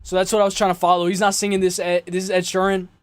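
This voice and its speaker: Young guy streaming, high voice kinda worn out, rambling slangy chat, dry close mic. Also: little pitch movement, racing, smooth, no room sound. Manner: rambling, slangy, repeats "guys" often. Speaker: livestream host. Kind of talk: casual livestream chat.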